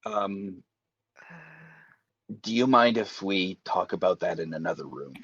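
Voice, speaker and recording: A man's voice: deep voice, animated, a little slow, creaky, a bit bright, slight background noise. A man playing in a tabletop game, giggly and a bit hesitant. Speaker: player. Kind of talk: casual tabletop play. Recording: dull lo-fi sound.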